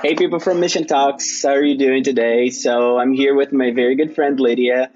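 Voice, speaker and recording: A man with a Brazilian Portuguese accent, a native Portuguese speaker, hosting an interview in a halting way with many uhs and restarts. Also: mid-range voice, fairly even intonation, muffled recording, over music. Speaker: podcast host.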